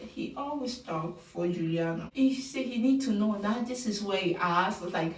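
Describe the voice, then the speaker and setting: A woman giving opinionated, animated commentary on a reality show, sometimes mocking the people she talks about. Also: medium pitch, moderate pace, few pauses. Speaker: reality TV recap vlogger. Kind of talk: casual commentary. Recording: roomy sound, mic at a distance.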